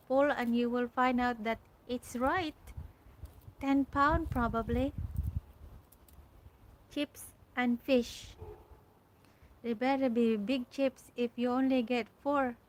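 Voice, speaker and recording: Woman host, slow halting outdoor livestream chat, somewhat high voice, faint outdoor ambience. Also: steady tone, slight background noise, rough recording. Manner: chatty, halting, restarts often while reading comments aloud. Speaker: livestream host reading viewer comments. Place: garden outdoors.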